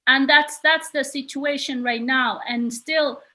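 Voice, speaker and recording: A woman human rights activist from Myanmar, giving an earnest personal testimony over a video call, halting with many restarts. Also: high-pitched, fairly even intonation, sharp tone. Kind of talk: personal testimony in a virtual summit.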